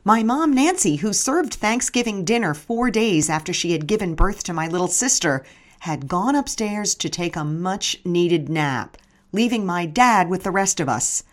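A woman's voice: on the low side, animated, normal speed. A middle-aged woman narrating her memoir in a wry, storytelling manner.

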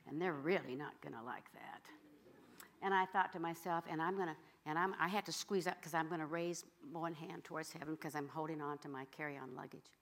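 A middle-aged woman preacher telling a story in a sermon, swinging from loud exclamations to hushed whispers. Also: low voice, steady tone, a little fast.

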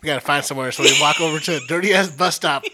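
A man's voice: a little high, racing, sharp tone. A man co-hosting a casual chat, cutting in with wry remarks and swearing freely.

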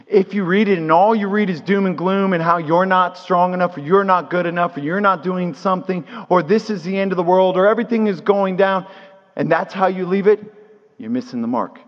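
A man's voice: high-pitched, fairly quick. Man, sermon, earnest, rhetorical questions, long hall reverb, dull recording. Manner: earnest, rhetorical questions, repeats key phrases. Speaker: pastor teaching at a Shabbat service.

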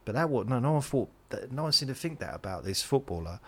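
A man's voice: medium pitch, very animated, fast, husky. A man hosts a podcast, rambling through a monologue meant to lull listeners to sleep and interrupting himself as he drifts between points. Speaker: podcast host.

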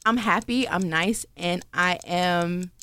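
A woman co-hosting a casual podcast, boastful and laughing, quick to argue about the game. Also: lowish voice, bright, forceful tone, clear, resonant tone, no room sound. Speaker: podcast co-host.

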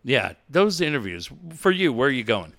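A middle-aged man co-hosting a radio talk show, telling animated stories and swearing casually. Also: mid-range voice, normal speed. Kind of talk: casual chat.

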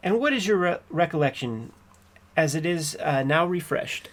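A man playing a persistent trial attorney, slightly high voice. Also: lively intonation, lightly acted. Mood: pressing. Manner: measured, pointed cross-examination. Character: persistent male trial attorney pressing a witness. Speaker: trial attorney questioning a witness. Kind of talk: courtroom transcript reading.

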